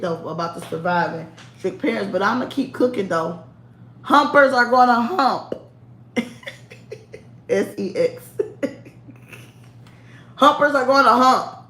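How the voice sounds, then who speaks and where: A woman's voice: mid-range voice, creaky. A woman chatting casually to camera, sassy and candid, laughing often. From United States. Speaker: vlogger. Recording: echoey room.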